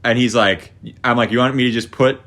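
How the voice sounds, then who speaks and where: Young man, casual podcast chat, mid-pitched ordinary voice, rambling, swears a lot, acts out quotes, co-host. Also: fairly even intonation, brisk, a bit bright. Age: young adult.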